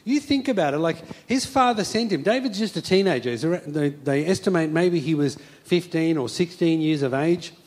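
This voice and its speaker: A man delivers a sermon in a fervent storytelling manner. His voice sits slightly on the high side, and he drives his points home by repeating them with conviction. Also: animated, fairly quick, hardly any pauses, darkish tone. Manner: fervent storytelling with emphatic repetition. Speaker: preacher.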